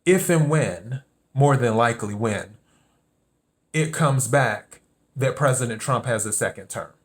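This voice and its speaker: A man delivering a solo commentary monologue as podcast host, in a voice of ordinary middle pitch. He talks emphatically and comes back to the same points again and again. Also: expressive, unhurried. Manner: emphatic, repeats key points.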